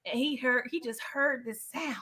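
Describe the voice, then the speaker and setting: A woman hosts a live movie review, retelling scenes with animated flair and acting out the characters' lines. Her voice sits a little high and comes across bright and forceful, and she laughs easily as she talks. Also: normal speed, husky, soft background music. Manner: animated, emphatic storyteller who acts out the characters' lines; laughs often between lines. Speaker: channel host.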